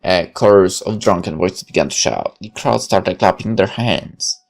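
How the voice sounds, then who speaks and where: A man's voice: low voice, normal speed, creaky, soft background music. A man reading a visual novel aloud as narrator, with occasional casual asides.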